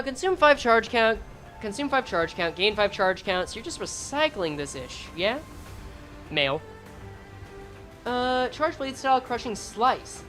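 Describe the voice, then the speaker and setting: A woman's voice: medium pitch, fairly bright tone. A woman streaming a game, reading skill text aloud and joking sarcastically with her chat.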